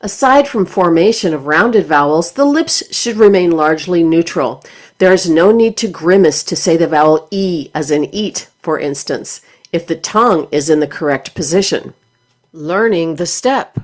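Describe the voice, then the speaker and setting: Lower-voiced woman explaining vocal technique. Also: animated. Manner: clear, measured, explanatory delivery. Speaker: voice teacher. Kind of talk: scripted instructional narration.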